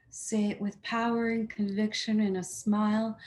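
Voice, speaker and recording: In a level, darkish voice of medium pitch, a woman leads a guided chakra healing meditation. Her delivery is slow, calming and affirming as she voices statements for listeners to repeat after her.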